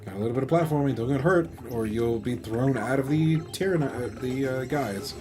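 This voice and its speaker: A man with a gravelly voice giving casual, wry, grumbling commentary as he streams a game, often laughing. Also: medium pitch, moderate pace. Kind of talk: casual let's-play commentary. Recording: game music behind voice. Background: game music.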